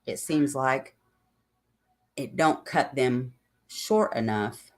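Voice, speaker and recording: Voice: medium pitch, slow. A channel host in casual livestream chat, talking in a rambling, chatty way with many fillers and asides.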